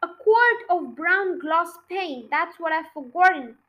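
A woman plays a clever young boy in a storybook reading. He answers in a plain, matter-of-fact way. The voice sits very high. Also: animated, slow pace, dull audio, full character voice.

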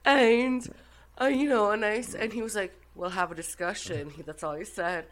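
A woman's voice: mid-range voice, normal speed, poor audio. An Irish woman telling a personal story in a casual chat, with lots of swearing and laughter. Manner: animated, swearing, laughing often. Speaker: guest.

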